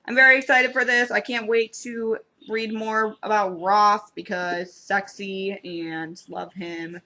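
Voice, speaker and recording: A young woman book blogger chatting excitedly in a casual vlog, gushing like a fan. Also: medium pitch, unhurried, few pauses.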